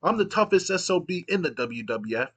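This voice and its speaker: A man voicing a brash, trash-talking male wrestler who shouts cocky threats and insults. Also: on the high side, very animated, a little fast, husky, dull audio, voice pushed up. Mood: threatening. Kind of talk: wrestling promo impression.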